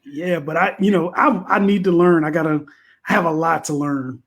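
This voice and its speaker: A man's voice: fairly high pitch, normal speed, fairly bright tone. A man co-hosting a casual video chat, easygoing and self-deprecating, chuckling now and then.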